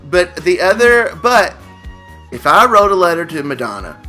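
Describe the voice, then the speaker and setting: A man co-hosting a comedy podcast, riffing on improvised scenarios with playful, drawn-out storytelling. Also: sing-song, bright, forceful tone, faint music behind. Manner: playful, drawn-out storytelling with sudden jumps in pitch. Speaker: podcast co-host.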